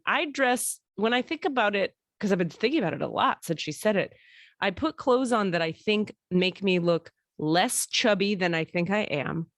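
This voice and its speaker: A woman's voice: medium pitch, expressive, normal speed, a bit bright, no echo, studio quality. A woman hosting a podcast, telling long casual stories, swearing freely and laughing as she talks. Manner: chatty storyteller, swears, laughs often. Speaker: podcast host. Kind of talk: casual chat.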